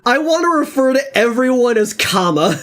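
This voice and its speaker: A streamer chatting casually while gaming, rambling with many fillers and frequent laughs, sometimes reading game text aloud in a lower, flatter tone. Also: moderate pace. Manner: rambling, animated, laughs often; reads game text in a low flat tone.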